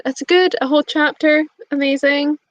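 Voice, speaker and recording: A woman's voice: sits high, fairly even intonation, moderate pace, dry recording. A young woman chatting casually on a live stream, bubbly and giggly as she answers her chat. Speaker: booktube streamer. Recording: dull lo-fi stream audio.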